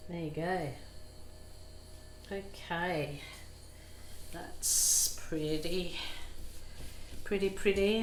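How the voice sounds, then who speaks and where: A middle-aged woman, the channel's host, chatting casually and self-deprecatingly as she explains an acrylic paint pour at home. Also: medium pitch. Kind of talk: casual how-to chat while painting. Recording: echoey room, faint ambient noise.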